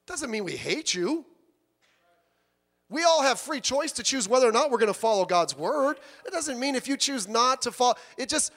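A male pastor preaches a sermon in church in an animated, conversational style, acting out the people he quotes and swinging between soft asides and loud outbursts. His voice is very high-pitched, with a long reverb tail.

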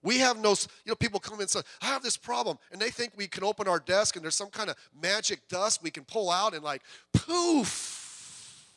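A middle-aged male pastor preaching with a high, bright voice. His delivery mixes easy, joking asides with rising bursts of intensity. The sound is dry and close, with little room echo. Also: fast, hardly any pauses. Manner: conversational preaching with humor and swells of intensity. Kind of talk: sermon.

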